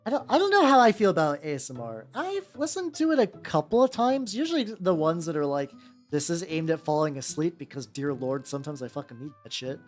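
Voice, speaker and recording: A man's voice: on the high side, huge pitch swings, fast, hardly any pauses, faint music behind. Rambling, swearing male streamer. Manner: rambling, swearing, slipping into goofy voices. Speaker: VTuber streamer. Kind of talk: casual chat while painting miniatures.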